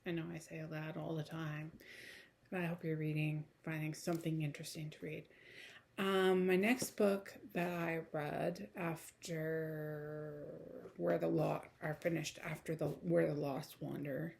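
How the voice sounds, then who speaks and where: A woman talks through a casual book review in a rough, gravelly morning voice that sits a little low. She rambles, restarts her sentences and fills the gaps with plenty of ums. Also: little pitch movement, a little slow, a little mellow. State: raspy morning voice.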